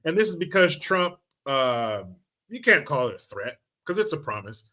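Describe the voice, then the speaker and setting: A man hosting a political commentary video, ranting in a mocking, profane and animated way. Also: a little high, normal speed. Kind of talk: comic political rant vlog.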